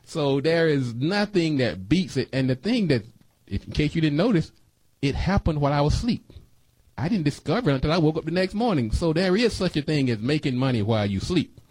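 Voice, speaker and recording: A man's voice: fairly high pitch, animated, fairly quick, darkish tone, no room sound. A man hosting a talk radio show, talking in a folksy, preachy way and repeating himself for emphasis into a studio microphone.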